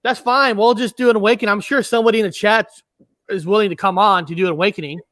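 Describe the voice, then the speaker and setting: Easygoing male host, high voice, dry close recording. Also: steady tone, fast talker, a bit bright, no echo. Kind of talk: casual chat.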